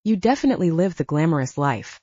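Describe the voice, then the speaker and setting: A woman's voice: deep voice, very animated, fast talker, dark tone, no room sound, highs cut off. A woman narrator voicing a distraught young heroine, strained and self-deprecating, in an audiobook. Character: distraught young woman, ashamed but wry.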